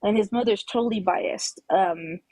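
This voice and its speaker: Husky woman telling an emphatic story. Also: mid-range voice, normal speed, warm tone, no echo, poor audio. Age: adult with children. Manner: emphatic storytelling, acts out quoted dialogue. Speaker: caller. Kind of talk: personal story on a live call-in talk show.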